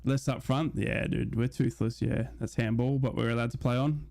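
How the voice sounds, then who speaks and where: A young man hosting a live football watch-along, chatting casually and reading out viewer shout-outs. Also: mid-range voice, steady tone, moderate pace, vocal fry, few pauses. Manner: chatty, reads out chat messages and shout-outs. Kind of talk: casual live-stream chat and mock commentary.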